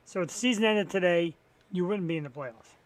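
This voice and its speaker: A man with a notably high speaking voice hosts a live talk stream alone, chatting loosely to fill the time. He drifts between topics with dry sarcasm and casual swearing. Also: fairly quick, dry recording. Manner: rambling, profane and wry, sarcastic about sports. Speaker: talk show host. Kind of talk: solo live-stream chat filling time.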